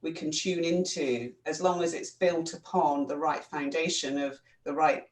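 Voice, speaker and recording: Woman co-host, reflective and halting, heard from a distance in a roomy space. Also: deep voice, steady tone. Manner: thoughtful, halting, restarts phrases. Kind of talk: casual reflective chat. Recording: echoey room, away from the mic.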